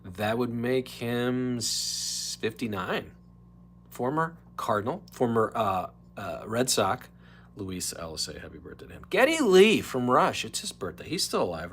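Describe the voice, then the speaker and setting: A man hosting his own livestream podcast, rambling casually between topics and slipping into quick impressions. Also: mid-range voice, fairly bright tone, a little hiss or hum. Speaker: podcast host. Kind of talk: casual solo livestream chat.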